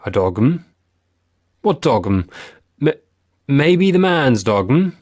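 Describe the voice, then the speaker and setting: A man's voice: medium pitch, big pitch swings, slow, a little mellow, no room sound, clean studio sound, pitched above the performer's own voice. A man voicing a nervous, deferential male steward who answers in a hesitant, unsteady way.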